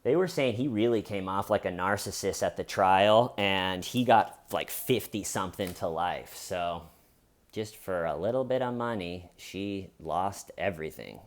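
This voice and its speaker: A man's voice: low-pitched, animated, a little slow. A young man casually retelling a crime story as a joke, acting out the quotes in silly voices, at his desk. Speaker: true crime comedy host. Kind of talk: casual storytelling with sponsor read.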